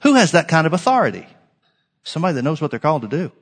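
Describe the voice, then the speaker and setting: Male pastor, preaching a sermon, emphatic and dynamic, slightly higher pitch, big reverberant hall. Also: sing-song, racing, husky. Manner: emphatic preaching, swinging from loud to hushed.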